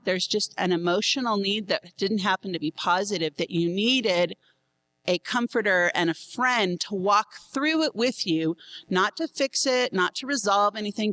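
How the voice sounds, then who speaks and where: A middle-aged woman giving a candid talk to married couples, frank and quick to laugh at herself. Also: medium pitch, a bit bright, low-quality recording. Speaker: seminar speaker.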